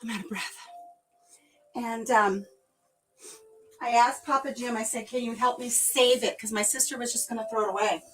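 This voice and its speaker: Chatty, slightly high-voiced woman vlogger, live-stream chat while tidying. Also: steady tone, moderate pace, poor audio. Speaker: craft vlogger.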